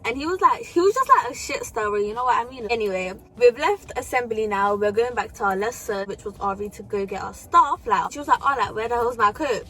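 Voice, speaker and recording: Chatty young woman, higher voice. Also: animated, brisk, few pauses, sharp tone. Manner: casual slangy chat, frequent swearing and fillers. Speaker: vlogger. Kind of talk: storytime vlog.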